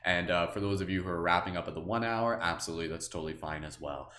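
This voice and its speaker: Deep-voiced man guiding a meditation. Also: roomy sound. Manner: slow, soft guiding voice, relaxed filler-heavy chat afterward. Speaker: meditation guide and live stream host. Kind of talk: guided meditation on a live stream.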